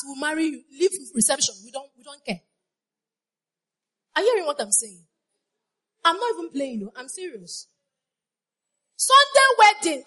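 In this sermon, a woman whose voice sits high and sounds fairly bright keeps repeating her lines. She draws the congregation in through call-and-response, putting questions to them.

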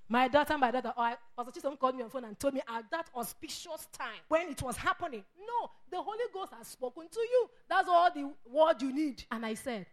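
Animated woman preaching. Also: sits high, brisk, few pauses. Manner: animated, acts out quoted voices, laughs often. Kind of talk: sermon.

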